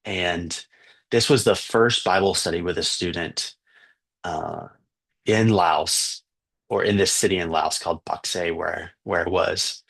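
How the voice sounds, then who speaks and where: Low husky-voiced man telling a story. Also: fairly even intonation, a little slow, a bit bright. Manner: earnest, with fillers and restarts. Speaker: missionary teacher. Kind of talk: spoken fundraising story.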